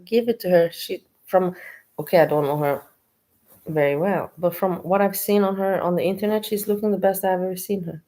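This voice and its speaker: A woman hosting, giving relaxed casual commentary while watching videos. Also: fairly low pitch, brisk, rough recording. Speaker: host reacting to videos.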